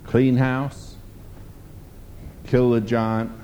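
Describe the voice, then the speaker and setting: A man's voice: medium pitch, little pitch movement, extremely slow, dark tone, a little hiss or hum. A man preaching a sermon, emphatic and rambling as he tells stories. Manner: emphatic, rambling storytelling with fillers.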